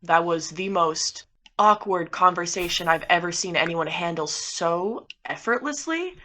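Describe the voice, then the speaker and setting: A woman playing a tabletop game, joking around in quick banter. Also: on the low side, animated, bright, forceful tone, slight background noise. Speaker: player. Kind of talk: tabletop role-play.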